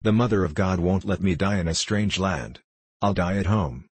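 A man voicing an ailing, pious old pilgrim who speaks slowly and wearily. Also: low-pitched, slightly rough, dry recording. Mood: weary.

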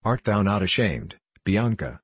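A man's voice: fairly low pitch, sing-song, husky, no echo, full character voice. A man reading as a pious, grave young princess. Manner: measured, solemn reading.

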